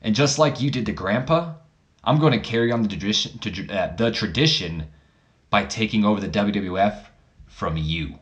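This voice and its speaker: A cocky young heir who talks back to his father in a lowish voice, sure he is about to win it all, as a man acts him out for a wrestling game playthrough. Defiant and brash, he snaps at every challenge. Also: moderate pace, lo-fi sound, natural voice.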